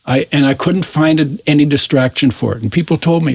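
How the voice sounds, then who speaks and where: A man's voice: a little high, a little fast, vocal fry, darkish tone, husky, dry recording. A man in his eighties, a guest in an interview, telling his life story in a reflective, searching way that often trails off mid-sentence. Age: 80s.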